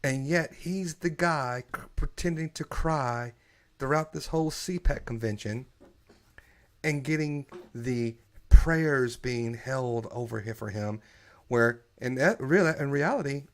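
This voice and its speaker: A man hosting a casual live-streamed podcast chat, opinionated and animated, often restarting his sentences. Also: mid-range voice, measured pace. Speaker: podcast host.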